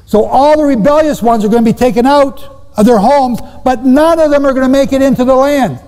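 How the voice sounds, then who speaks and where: Before a seated audience, a man with a very high, darkish voice moves fairly quickly through Bible prophecy, hammering key phrases through repetition and quizzing his listeners. Long hall reverb is audible.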